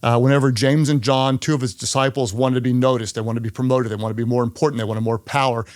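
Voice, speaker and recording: A man's voice: mid-range voice, fairly even intonation, fast talker, a little mellow, no room sound, studio quality. A man who is a pastor, hosting a leadership podcast in an earnest way and repeating key phrases for emphasis.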